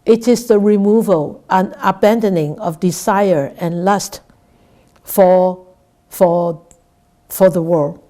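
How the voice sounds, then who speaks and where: A Buddhist nun giving a dharma talk. She speaks haltingly, repeats words and keeps asking "right?". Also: fairly low pitch, warm tone. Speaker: Buddhist nun teaching scripture.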